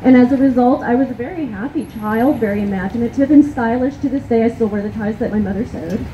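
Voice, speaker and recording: A woman's voice: fairly high pitch, fast. A woman from East Texas gives an impassioned, angry speech at an outdoor rally, hammering her points through repetition. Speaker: rally speaker. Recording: tinny, narrow, lo-fi sound with faint hiss.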